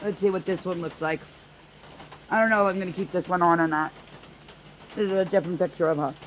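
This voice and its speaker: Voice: mid-range voice, fairly even intonation, fast talker, a bit bright, a little hiss or hum, rough recording. A vlogger chatting casually while trying out face filters, often giggling and struggling to keep a straight face.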